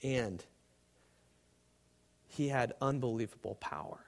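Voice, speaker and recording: A man preaching a sermon to a live congregation, swinging between loud emphasis and hushed, quiet tones. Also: mid-range voice, slow pace, creaky.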